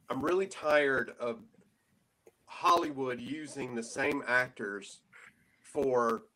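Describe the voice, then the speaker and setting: A man's voice: mid-range voice, sharp tone. A man on a panel launching into an exasperated rant in a casual chat. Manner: ranting, exasperated.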